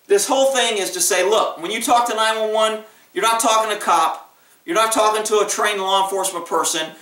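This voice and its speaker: A man's voice: high-pitched, bright, forceful tone, distant mic. A man who works as a police officer giving blunt, emphatic advice in a casual vlog monologue. He often acts out what callers and dispatchers might say. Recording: echoey room, voice off-mic.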